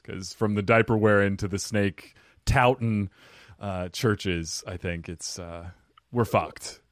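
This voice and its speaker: A man hosting a podcast, relaxed and quick to laugh with his guest. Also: fairly low pitch, dry recording, studio quality. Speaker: podcast host. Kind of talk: casual podcast chat.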